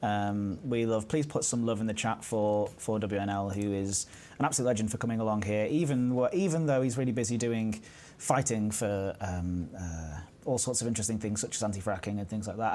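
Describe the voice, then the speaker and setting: A man's voice: medium pitch, a little fast, darkish tone. A man hosting a casual live stream, playful and teasing, rambling with restarts. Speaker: stream host.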